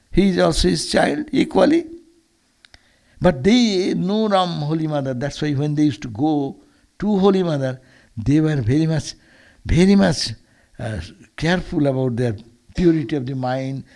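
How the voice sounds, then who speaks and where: A male monk delivers a Sunday sermon through stories, speaking earnestly and often restarting his phrases. His voice sits a little high and carries a steady gravelly fry. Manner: earnest, with frequent restarts and repeated words. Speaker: monk giving a Sunday lecture. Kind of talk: sermon with storytelling.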